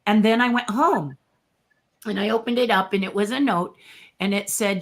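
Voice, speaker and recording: An older woman tells a story in a casual interview, her voice sitting at an ordinary middle pitch. She is lively and animated, and she acts out the quoted dialogue as she goes. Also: moderate pace. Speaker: guest puppeteer.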